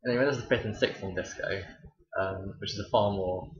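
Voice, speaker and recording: Young guy telling school stories, wry and chatty, lowish voice, dull echoey sound. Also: fairly quick. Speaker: teacher. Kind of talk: casual storytelling vlog. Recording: dull roomy home recording.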